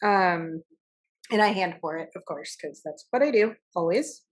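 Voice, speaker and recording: Chatty low-voiced woman podcaster. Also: animated, moderate pace. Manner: chatty, laughs often, many fillers. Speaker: podcast co-host. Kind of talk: casual chat.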